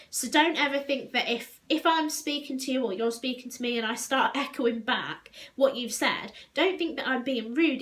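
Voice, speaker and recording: Woman vlogger from England, higher than average pitch, thoughtful and halting delivery. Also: fairly bright tone. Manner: reflective, many ums and restarts, pace shifts. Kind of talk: personal vlog monologue.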